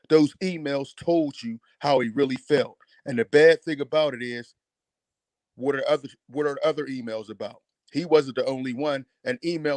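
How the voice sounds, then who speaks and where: A man calls in to a talk show to vent, ranting with heat, emphasis and curse words. His voice is medium in pitch, recorded without echo.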